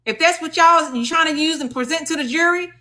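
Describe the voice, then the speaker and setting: A woman's voice: high-pitched, brisk, pushed and bright. A woman with a Southern US accent hosting a casual livestream about legal advocacy, chatty and folksy, talking straight to her viewers.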